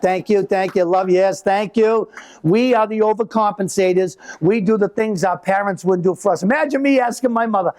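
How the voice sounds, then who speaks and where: High-voiced man doing stand-up. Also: normal speed. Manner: animated storytelling with acted-out voices. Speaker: stand-up comedian. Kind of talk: live stand-up comedy. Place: live venue with an audience.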